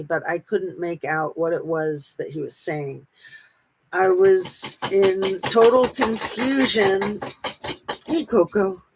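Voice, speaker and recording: A woman reading a memoir aloud in a steady, unhurried way, pausing now and then. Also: medium pitch, poor audio.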